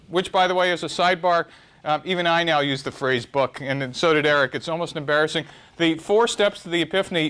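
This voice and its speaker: A middle-aged man giving a live lecture on startups to an audience, wry and self-deprecating, with lively swings in pitch. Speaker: speaker giving a startup talk.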